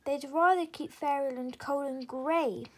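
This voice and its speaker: A woman's voice: sits high, steady tone, a little slow. A woman doing a small cheerful girl fairy. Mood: earnest.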